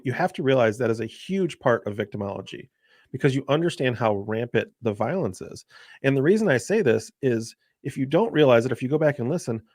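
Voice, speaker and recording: A man's voice: mid-range voice, no room sound, clean studio sound. A man co-hosting a casual podcast discussion, explaining his points in an emphatic way.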